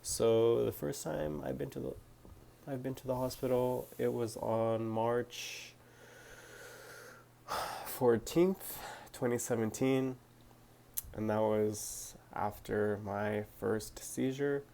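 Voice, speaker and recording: A man's voice: medium pitch, fairly even intonation, slow pace, creaky, mellow. A young man answering viewer questions to his phone camera, talking hesitantly with lots of fillers and restarts. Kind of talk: casual talk to camera.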